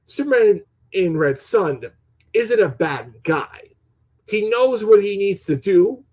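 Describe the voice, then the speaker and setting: Young male channel host, somewhat high voice, rambling heated opinion vlog, stutters and swears. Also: expressive, slow pace, a little mellow, low-quality recording. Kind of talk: casual opinion rant.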